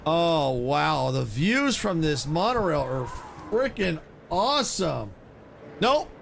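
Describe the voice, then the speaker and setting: A man giving casual, excitable commentary while playing a video game, exclaiming and laughing often. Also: on the high side, slow, vocal fry, a little hiss or hum. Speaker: gaming streamer.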